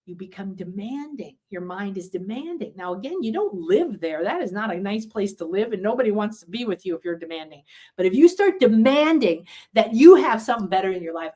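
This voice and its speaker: Woman, healing teacher; animated, acts out emotions in short outbursts. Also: mid-range voice, a little fast.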